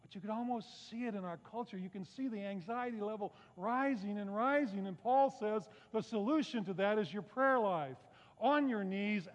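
High-voiced pastor preaching in an echoing hall. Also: male voice. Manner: conversational preaching with rhetorical questions and self-deprecating asides. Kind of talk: sermon. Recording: muffled sound with long reverb in a large hall.

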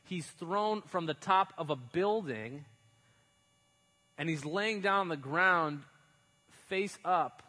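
A man's voice: a little high, slow pace, long pauses, sharp tone, low-quality recording. Casual, chatty male preacher. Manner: chatty, uses slang and fillers, dramatizes stories. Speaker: pastor. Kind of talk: casual conversational sermon.

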